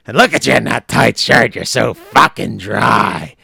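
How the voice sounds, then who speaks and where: A brash, booming wrestling boss bellows and hollers with hyped-up swagger, as a hoarse man puts him on. The voice is gravelly and cutting, recorded dry and close. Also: lively intonation, measured pace, pushed and bright, no echo, full character voice. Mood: bellowing, hyped.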